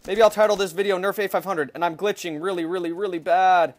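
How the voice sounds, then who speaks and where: Young male gamer with a high voice; frustrated live commentary with loud outbursts. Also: fairly even intonation, quick pace. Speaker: gaming channel host.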